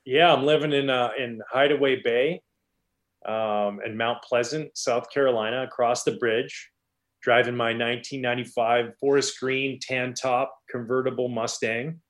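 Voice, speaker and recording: A man, a former professional pitcher, telling stories in a casual interview, animated and rambling with many restarts. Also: moderate pace.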